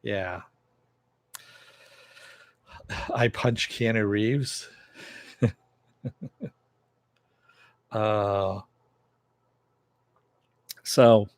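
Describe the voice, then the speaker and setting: A man's voice: on the low side, no echo. A man casually recapping and reviewing a TV episode, rambling with frequent "uh" and "you know" fillers.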